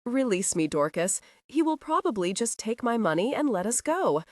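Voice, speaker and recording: A woman voicing a frightened but defiant young gentlewoman who pleads in a high, strained voice. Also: big pitch swings, moderate pace, dry recording, clean studio sound. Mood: frightened pleading.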